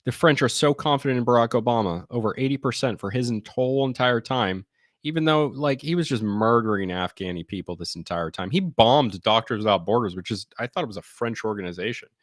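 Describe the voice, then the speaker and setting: A man's voice: mid-range voice, animated, brisk, no room sound, studio quality. A man giving blunt, sarcastic, rambling commentary on survey charts during a casual live stream. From United States.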